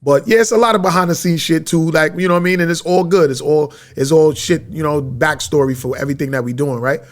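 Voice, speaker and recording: A man's voice: on the high side, steady tone, fast talker. A man hosting his podcast in a media studio, telling a rambling story in slang-heavy street talk. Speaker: podcast host. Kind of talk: casual storytelling monologue.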